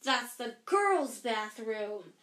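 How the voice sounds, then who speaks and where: A woman voicing a pompous, officious teenage prefect who scolds with slow emphasis, in a storybook reading. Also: high-pitched, animated, fairly bright tone, recorded from a distance, pitched above the performer's own voice. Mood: scolding. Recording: echoey room.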